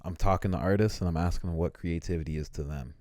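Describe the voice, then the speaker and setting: A man's voice: low voice, fast talker, a little mellow, no echo, studio quality. A young man from Canada co-hosting a podcast, joking, swearing and laughing often in casual banter. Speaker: podcast co-host.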